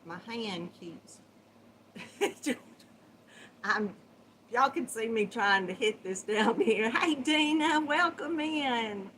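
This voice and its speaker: A woman's voice: fairly high pitch, slow, pauses often, fairly bright tone, slight background noise, poor audio. A woman with a Southern US accent hosting a casual live-stream chat. She greets her viewers by name, chatting and laughing often. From Georgia, USA. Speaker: crochet channel host.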